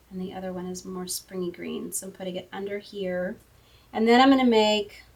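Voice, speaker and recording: A woman's voice: fairly low pitch, far from the mic, a little hiss or hum. A woman hosting a casual card-making tutorial at her craft table, chatty and thinking aloud as she works. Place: home craft room.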